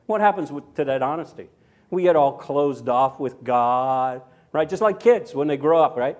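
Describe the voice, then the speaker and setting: An older man, a pastor, preaches a sermon woven around a personal story. His medium-pitched voice is animated and moves at a moderate pace, and his delivery is chatty and anecdotal, full of asides and tag questions.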